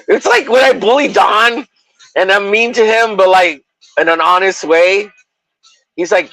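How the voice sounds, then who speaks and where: A man hosting a livestream, chatting casually in a rowdy, crude way, often shouting and teasing in mock-bullying banter. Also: sits high, slow, long pauses, no echo, rough recording. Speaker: livestream host.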